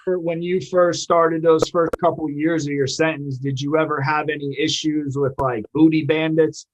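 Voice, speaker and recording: A man's voice: a little high, level tone, normal speed, slight background noise, poor audio. Laid-back male interview host. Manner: laid-back, profane questions. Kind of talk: casual interview.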